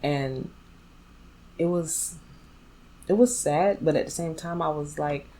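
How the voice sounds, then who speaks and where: A woman vlogger shares a personal story in a storytime vlog, candid and blunt, addressing her viewers directly. Her voice is low-pitched, slow and dark, and the audio quality is poor.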